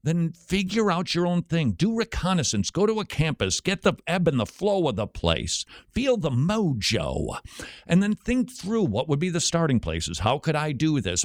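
Animated radio host guy, chatty, bouncy pitch, dead dry room. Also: moderate pace, vocal fry, no echo, soft background music. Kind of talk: radio show answering questions.

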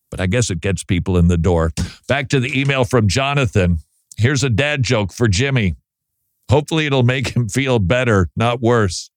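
A man's voice: medium pitch, dry recording, clean studio sound. Wry, chatty male talk show host. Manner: chatty, wry, self-deprecating humor. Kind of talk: casual talk show chat.

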